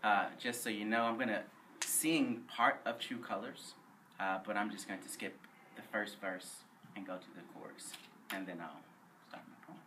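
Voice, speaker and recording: A man who teaches middle school, talking to a live audience and then performing a spoken word poem with rhythmic, measured delivery. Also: on the low side, steady tone. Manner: playful, leads the crowd in call and response. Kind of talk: spoken word poetry reading at a live event. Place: live reading event. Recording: distant mic with faint room noise.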